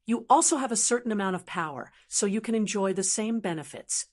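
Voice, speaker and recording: A woman voicing a calm young male martial hero in an audiobook, giving brief, plain replies. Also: medium pitch, a little fast, close to an everyday voice.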